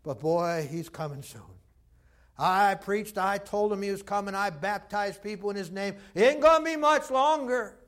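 A man's voice: high voice, moderate pace, fairly bright tone. Folksy male wilderness preacher, voiced by a pastor: sure, plain. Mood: assured.

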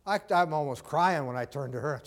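This preacher's voice is a little high and moves at a moderate pace. Telling a personal story from the pulpit, he speaks in a conversational way and acts out quoted dialogue.

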